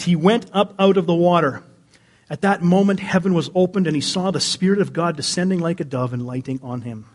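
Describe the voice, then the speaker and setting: A man preaching a sermon as pastor, animated, swinging from near-yelling down to quiet asides. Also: fairly high pitch. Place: church sanctuary.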